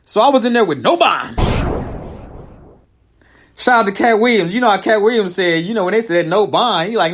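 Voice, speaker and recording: A man telling a personal story to his viewers in a casual, animated way, jumping from loud high outbursts to low, quiet asides. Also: normal speed, pauses often. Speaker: comedian and show host.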